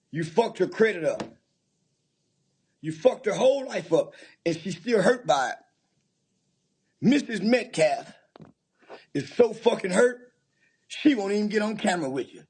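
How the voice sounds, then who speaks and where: A man with a high, husky voice ranting in a profane, taunting way. His pitch swings widely as he hurls insults. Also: darkish tone. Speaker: commentator. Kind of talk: angry rant commentary.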